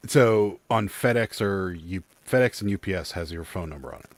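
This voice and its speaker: Male co-host, lively pitch, lowish voice, dry close mic, laughs often as he tells stories. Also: no room sound. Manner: animated storyteller, quick to laugh. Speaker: livestream co-host. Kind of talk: casual livestream chat.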